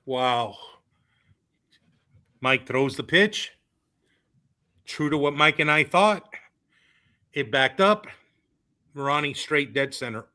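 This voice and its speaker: A man in his thirties guests on a sports podcast and recounts his playing days. His voice is bright and forceful, and his delivery is loose and animated. He leans on fillers and breaks into laughter. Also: medium pitch, takes it slowly, pauses often. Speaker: former college baseball player, guest. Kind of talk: casual storytelling on a podcast.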